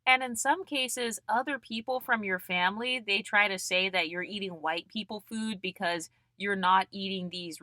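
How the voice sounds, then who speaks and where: A young woman with a bright, forceful voice delivers a blunt, mocking monologue straight to the camera. She swears freely and talks in a dry, close sound with no room echo. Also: medium pitch. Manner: blunt, mocking and profane, mimics people in put-on voices. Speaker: channel host.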